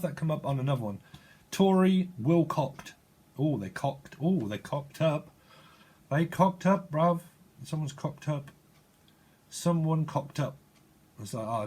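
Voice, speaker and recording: A man's voice: fairly high pitch, husky. A man giving a casual tarot reading, rambling and joking and laughing often. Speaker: tarot reader. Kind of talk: casual channeled reading to camera.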